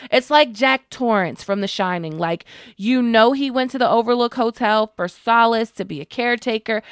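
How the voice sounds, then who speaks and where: A woman giving a casual, expressive recap of a TV episode, slangy and emotionally invested. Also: mid-range voice, smooth, dry recording, studio quality. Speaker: TV show reviewer.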